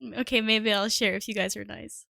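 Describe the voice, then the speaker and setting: A woman's voice: mid-range voice, flat delivery, fairly quick, creaky, pushed and bright, dry recording, clean studio sound. A woman streamer chatting casually and scatteredly with her viewers, self-deprecating and swearing often. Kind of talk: casual live-stream chat.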